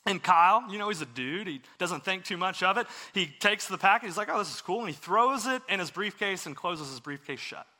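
Bright-voiced man preaching a story sermon. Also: high-pitched, expressive, a little fast, few pauses. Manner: storytelling, earnest and conversational.

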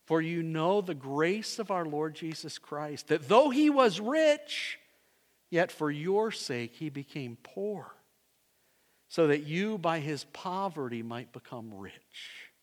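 Male pastor, high voice, slow deliberate sermon delivery, long church reverb. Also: expressive. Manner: dynamic preaching, swinging from loud emphasis to hushed low phrases.

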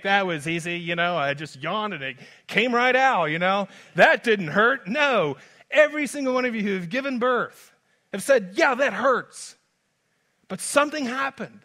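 High, bright-voiced man preaching. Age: adult father. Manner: dynamic preaching, swings from soft to loud. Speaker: pastor. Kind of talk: sermon.

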